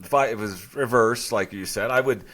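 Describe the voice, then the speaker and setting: A man's voice: on the low side, normal speed, fairly bright tone, slightly rough. A middle-aged man co-hosting a casual conversation, rambling with many restarts and fillers. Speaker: podcast co-host.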